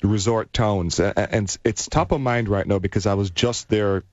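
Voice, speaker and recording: A man's voice: lowish voice, fairly even intonation, normal speed, no echo, dull audio. A man chatting as a guest on a travel radio show, rambling with many restarts and ums. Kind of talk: casual radio chat.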